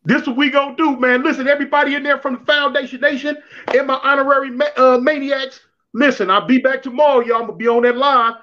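A man's voice: very high voice, fast, slight background noise. A man telling prison stories in slangy, repetitive street talk on a livestream call. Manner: slangy, repetitive, animated storytelling. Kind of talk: casual livestream storytelling. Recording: dull lo-fi livestream audio.

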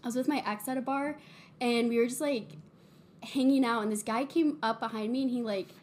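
A young woman co-hosting a casual chat, laughing easily and teasing with quick asides. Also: fairly high pitch, darkish tone, a little hiss or hum. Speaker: podcast co-host.

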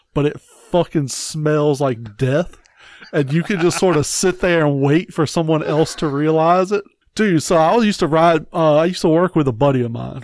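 A man's voice: on the high side, no room sound, clean studio sound. A man co-hosting a podcast in casual chat, telling long profane stories in a rambling way. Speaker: podcast co-host.

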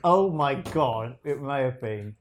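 A man's voice: medium pitch, lively intonation, slow pace. A man co-hosting a casual chat, telling a rambling story with restarts and reading bits aloud.

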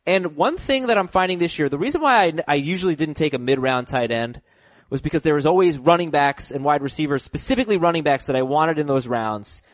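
Male podcast host, slightly high voice, dry close sound, casual sports chat. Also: expressive, fast talker, dry recording. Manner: leads the talk, lists picks and asks for opinions.

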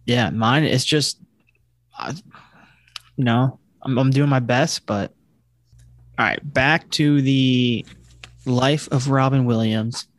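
A man's voice: medium pitch, slow pace, pauses often, no echo. A man co-hosting a casual podcast chat, laughing easily and poking fun at himself. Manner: laughs easily, self-deprecating. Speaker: podcast co-host.

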